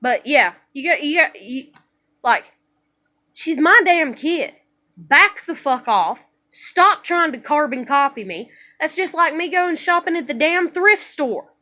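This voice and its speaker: A woman's voice: high voice, animated, measured pace, sharp tone. A young woman venting in a personal vlog, profane and exasperated as she rants. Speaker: vlogger.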